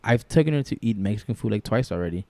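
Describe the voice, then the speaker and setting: A man's voice: fairly low pitch, animated, fast talker, dark tone, dry recording. A man in his thirties from Chicago, co-hosting a podcast in loose, rambling casual chat with plenty of swearing. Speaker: podcast co-host.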